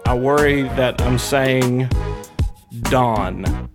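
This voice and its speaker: A man's voice: mid-range voice, moderate pace, music in the background. A man hosting a casual wrestling podcast, joking and rambling with playful trash talk. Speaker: podcast host.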